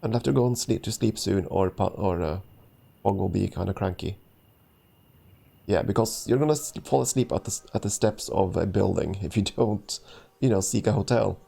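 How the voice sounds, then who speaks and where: A man's voice: on the low side, moderate pace, vocal fry, dark tone, breathy edge. A man streaming a let's play, chatting casually and reading a story game's text aloud with frequent ums, restarts and chuckles.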